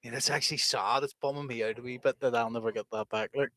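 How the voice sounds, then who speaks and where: A man's voice: mid-range voice, steady tone, fast talker, a bit bright, no echo. A young man with a Northern Irish accent, co-hosting a casual podcast, telling stories with lots of swearing and laughter. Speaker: co-host.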